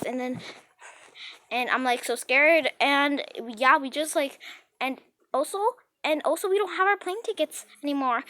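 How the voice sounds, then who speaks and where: A woman's voice: sits high, normal speed, pushed and bright. A woman telling a rambling story in a casual storytime style, with frequent restarts and acted-out dialogue.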